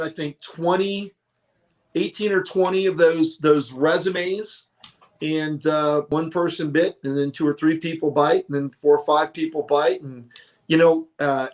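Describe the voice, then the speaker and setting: A middle-aged man telling his career stories in a casual, animated interview, often quoting other people. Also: on the high side. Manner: animated, tells stories with quoted voices. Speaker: guest, monster truck announcer.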